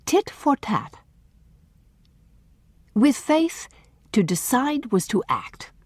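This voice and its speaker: A woman narrating a chapter of a novel in an expressive storytelling manner. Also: fairly high pitch, drawn-out words, breathy edge, no echo, clean studio sound. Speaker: audiobook narrator. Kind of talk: scripted narration.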